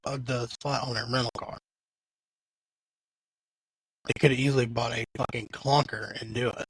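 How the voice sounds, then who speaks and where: Gravelly, husky man ranting at a clip. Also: mid-range voice, fairly even intonation, normal speed, dry recording, low-quality recording. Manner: exasperated, swearing, talking back at the clip. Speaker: podcast host reacting to a clip. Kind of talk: casual reaction commentary.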